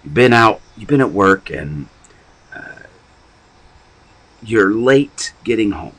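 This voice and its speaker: Husky-voiced man preaching casually. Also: fairly low pitch, big pitch swings, takes it slowly, a bit bright, poor audio. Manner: rambling, conversational, restarts and fillers. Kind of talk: informal sermon podcast.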